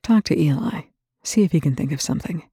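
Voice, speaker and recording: A woman voicing a weary, gruff male military colonel who speaks in dry, curt lines. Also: low-pitched, expressive, fast, warm tone, no echo, full character voice.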